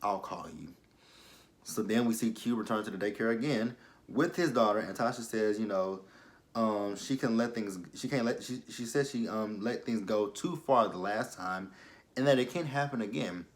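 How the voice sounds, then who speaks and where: A man's voice: fairly low pitch, normal speed. Chatty young man recapping a show. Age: young adult. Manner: chatty, filler-heavy, swings into exaggerated reactions. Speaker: TV episode reviewer. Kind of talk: casual episode recap vlog.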